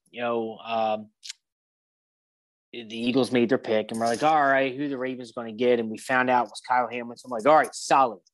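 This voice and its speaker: A man co-hosting a casual sports chat, talking in animated bursts with plenty of fillers. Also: medium pitch. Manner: animated, quick bursts of excitement, many fillers. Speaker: podcast co-host.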